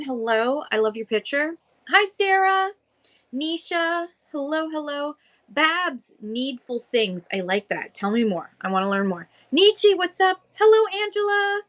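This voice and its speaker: A woman's voice: high voice, a bit bright. A woman hosting a casual livestream chat, greeting viewers one by one by name in a bubbly, chatty way. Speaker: livestream host greeting sellers.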